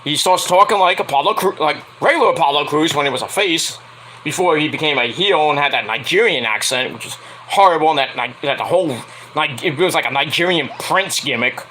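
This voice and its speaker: A young man talks through a wrestling show in a loose, rambling review, laughing and slipping into shrill impressions. His voice sits a little high and swings lively, with a bright, sharp edge. A faint hiss of noise runs under it. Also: brisk, rough recording. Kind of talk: casual solo review vlog.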